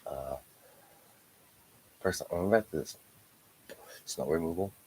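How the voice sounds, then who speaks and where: A man's voice: low voice, slow pace, darkish tone, a little hiss or hum, rough recording. A man in an angry, profane livestream rant, aggrieved and often dropping into whispered asides. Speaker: streamer.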